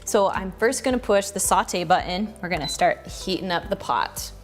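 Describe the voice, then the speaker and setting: A woman hosting a casual home cooking tutorial, chatty and relaxed, thinking aloud as she cooks in her kitchen. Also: mid-range voice, normal speed, soft background music. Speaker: cooking channel host.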